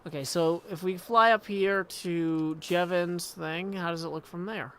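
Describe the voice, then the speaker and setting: A man's voice: high-pitched, steady tone, measured pace, pushed and bright, clean tone. Tired man chatting on a live stream. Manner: rambling, self-correcting, thinks aloud. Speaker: Minecraft streamer. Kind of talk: casual live-stream chat.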